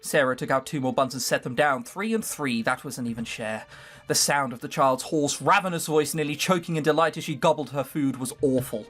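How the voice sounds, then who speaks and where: A man's voice: medium pitch, brisk, fairly bright tone. A man hosting a let's play, reading a visual novel aloud with sardonic, swearing asides.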